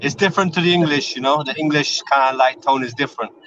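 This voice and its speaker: A man's voice: medium pitch, fast talker, a bit bright, lo-fi sound, a little hiss or hum. A man in a casual panel chat, searching for his words with loose phrasing and fillers.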